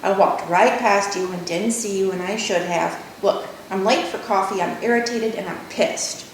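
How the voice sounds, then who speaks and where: A woman's voice: normal speed, close to an everyday voice. An irritable young woman artist with a snappish, frustrated way of speaking, read by a woman. The room around her is echoey. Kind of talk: author reading a novel aloud. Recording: echoey room, faint rumble.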